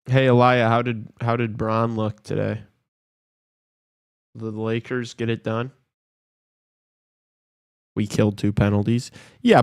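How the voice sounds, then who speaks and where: A young man co-hosting a live show, chatting loosely and breaking into sudden excited outbursts. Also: fairly low pitch, clear, resonant tone, dry recording, studio quality. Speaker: podcast co-host. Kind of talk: casual live game-watch chat.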